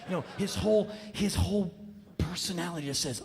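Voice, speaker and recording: A man performing a live spoken word monologue, telling a story in an intense, animated and profane way, often mocking himself. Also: high voice, a little fast, vocal fry, a crowd in the background. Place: stage in a large venue. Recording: echoey live hall with faint noise.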